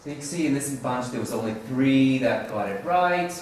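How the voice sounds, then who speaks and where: At a teaching conference, a man presents casually, rambling, chuckling, and often correcting himself. His medium-pitched voice is expressive and a little mellow at a moderate pace. The conference room recording is roomy, from a distant mic with faint hiss.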